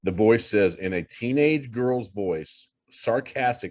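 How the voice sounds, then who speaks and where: Middle-aged male guest with a deep voice; lively, profane, repetitive storyteller. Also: takes it slowly, dry recording. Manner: animated, swears freely, repeats himself for emphasis. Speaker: paranormal investigator guest. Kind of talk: casual storytelling.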